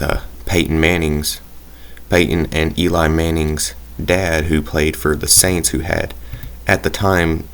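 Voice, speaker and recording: A man's voice: a bass voice, fairly bright tone. A young man casually commentating his own football video game play, rambling and hesitant with many fillers. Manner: rambling, hesitant, self-deprecating. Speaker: gaming YouTuber.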